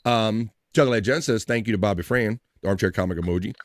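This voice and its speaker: A man's voice: on the low side, quick pace, no room sound, clean studio sound. A man hosting a casual livestream chat show in an upbeat, old-school radio manner, thanking viewers and reading their messages. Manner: upbeat, shout-outs to chat, radio-style. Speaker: livestream host.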